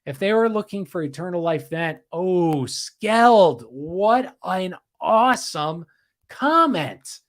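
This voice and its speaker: A man's voice: high-pitched, animated, slow pace. A man hosting a casual livestream history podcast, rambling, repeating himself and reading out viewer comments. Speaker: podcast host.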